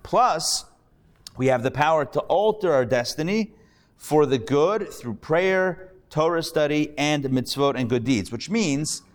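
Rabbi lecturing a live class, a man with a slightly high voice, lively and jokey with the room. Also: measured pace. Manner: lively, jokey storyteller, chats with the audience. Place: classroom before a live audience.

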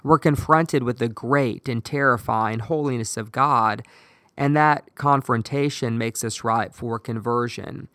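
A man preaching a sermon in a measured, emphatic way, with slow deliberate pauses. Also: mid-range voice, fairly bright tone, no room sound.

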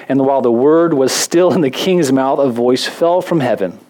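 A man's voice: mid-range voice, normal speed. Casual, joking male pastor. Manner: conversational, self-deprecating humor, animated asides. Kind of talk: sermon.

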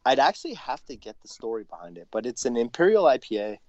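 A man's voice: medium pitch, fast talker, dry recording. Canadian man talking casually on a dull, dry line. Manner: relaxed, explains patiently with frequent fillers. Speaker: podcast guest, brewer. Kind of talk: casual chat. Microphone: phone call.

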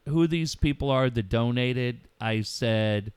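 A middle-aged man on a talk show speaks with emotion, pausing and restarting, with coarse words mixed in. His voice is smooth and resonant. The sound is close and dry, with no room around it. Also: medium pitch, little pitch movement, dry recording. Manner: heartfelt, swears freely, halting pauses. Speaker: radio show host.

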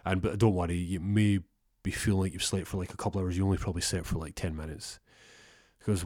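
A young man telling a rambling comic story, deadpan, acting out both sides of the conversation. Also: low voice, fast talker, no room sound, studio quality. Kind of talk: comic storytelling with acted-out dialogue.

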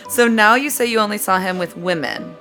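A woman's voice: mid-range voice, pushed and bright, faint music behind. Woman host reading an interview aloud. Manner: measured reading, often breaking into laughter.

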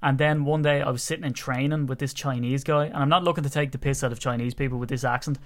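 A man with an Irish accent from Wicklow, co-hosting a podcast and chatting casually, telling animated stories. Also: mid-range voice, fast. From Ireland, Wicklow. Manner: animated storyteller, acts out quoted voices. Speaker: podcast co-host.

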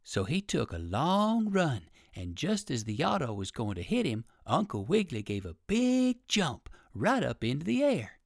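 A man reading an old children's storybook aloud, with lively sing-song storytelling. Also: fairly high pitch, a little slow, creaky, hardly any pauses, dry recording, studio quality. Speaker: audiobook reader.

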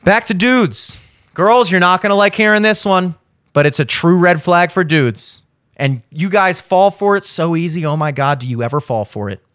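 A man's voice: high-pitched, moderate pace, fairly bright tone, no echo, clean studio sound. A man hosting a show, ranting bluntly about relationships with heavy swearing and insistent repetition. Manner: insistent, repeats points for emphasis. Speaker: show host. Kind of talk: blunt opinion monologue.

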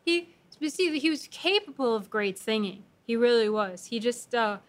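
A woman's voice: fairly high pitch, lively intonation, moderate pace. A woman in casual conversation about old singers, self-deprecating and given to trailing off and restarting.

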